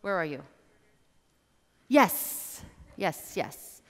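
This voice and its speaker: A woman business coach giving a motivational seminar talk, animated and addressing the audience directly. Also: lowish voice, extremely slow. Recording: reverberant hall.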